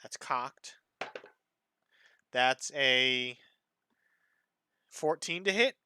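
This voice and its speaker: Bright-voiced man running a tabletop game. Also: mid-range voice, drawn-out words, smooth. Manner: casual, descriptive narration with frequent fillers. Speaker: dungeon master.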